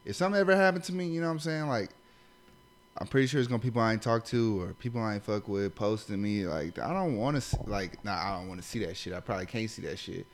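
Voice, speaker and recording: A man's voice: lowish voice, fast talker. A young man from Los Angeles with a Los Angeles accent, telling stories in a casual chat, loose and profane with many asides.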